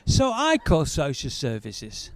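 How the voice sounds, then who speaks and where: A middle-aged comedian tells his story on stage and acts out the people in it. His voice sits fairly high and swoops around with animated energy. The sound is dry and close. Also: slow pace, no room sound. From Britain. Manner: acts out others in high, loud put-on voices. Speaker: stand-up comedian. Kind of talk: stand-up storytelling.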